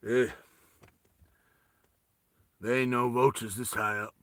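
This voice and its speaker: A man doing an impression of a gruff male action star leading a squad. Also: medium pitch, little pitch movement, slow pace, a bit bright, no echo, studio quality, pitched below the performer's own voice.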